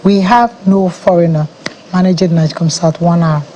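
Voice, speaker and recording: A woman's voice: on the low side, fairly even intonation, moderate pace, dark tone, a little hiss or hum, rough recording. A Nigerian woman, head of an agency, explaining confidently as a guest in a TV news studio interview. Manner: confident, explanatory, laughs easily.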